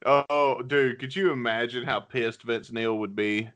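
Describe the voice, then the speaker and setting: A man's voice: medium pitch, a little slow, a bit bright. A man co-hosting a comedy podcast, joking around and spinning absurd scenarios. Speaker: podcast co-host.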